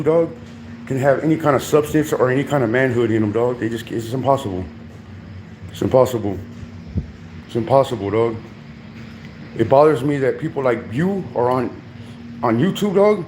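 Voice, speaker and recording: A man's voice: mid-range voice, darkish tone, a little hiss or hum. Confrontational man ranting. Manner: confrontational, keeps calling the listener dog and my boy. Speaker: livestreamer. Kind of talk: heated livestream rant.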